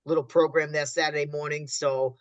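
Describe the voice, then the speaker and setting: A man with a slightly high voice talks sports in a relaxed, joking way. The recording is dry and close. He stumbles over fillers as he goes. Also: no room sound. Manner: halting, joking, many fillers. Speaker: sports writer co-host. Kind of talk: casual podcast chat.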